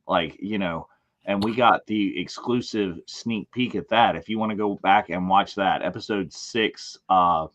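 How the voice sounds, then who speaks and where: A man co-hosting a casual online panel discussion, talking in an animated, rambling way with frequent restarts. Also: low-pitched, unhurried, a little hiss or hum. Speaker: podcast co-host.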